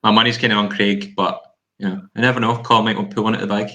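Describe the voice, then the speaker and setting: A wry man with a Scottish accent teases his friends in casual podcast banter. His voice is fairly low in pitch. It still has a bright edge. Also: little pitch movement, fast.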